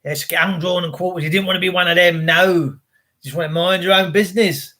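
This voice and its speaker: A man voicing a brisk, matter-of-fact mother reassuring her son. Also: high voice, fairly even intonation, bright, forceful tone, voice pushed down. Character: brisk no-nonsense English mum.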